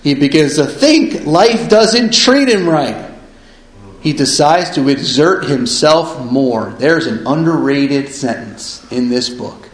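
A man's voice: medium pitch, a little slow. A man reads passages from a book aloud and explains them in a casual way. He keeps checking in with his listeners by asking "right?". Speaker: discussion leader reading from a recovery book. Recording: echoey room.

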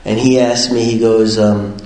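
A man casually telling his personal recovery story, rambling and animated, full of fillers and laughing often. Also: on the low side, a little slow, echoey room, rough recording.

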